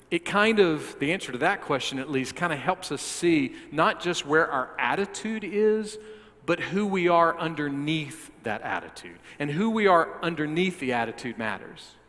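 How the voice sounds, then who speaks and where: A man's voice: mid-range voice, fairly bright tone. Man preaching in a reverberant hall. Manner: repeats words as he restarts, asks the listeners direct questions. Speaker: pastor. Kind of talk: sermon.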